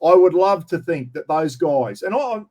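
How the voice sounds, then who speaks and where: Brief: Australian man, a touch high-pitched, blunt, slangy, casual interview guest. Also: expressive, normal speed, background noise. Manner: blunt, matey, slangy, keeps saying mate. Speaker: interview guest, camping YouTuber. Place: at home, outdoors property.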